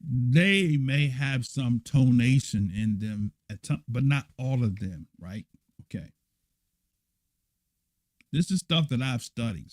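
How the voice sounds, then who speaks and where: A man's voice: on the low side, darkish tone, no echo. Blunt, emphatic man giving a dry lesson. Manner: emphatic and blunt, repeats himself and keeps asking "right?". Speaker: church elder teaching a lesson. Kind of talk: livestreamed scripture lesson, answering viewer comments.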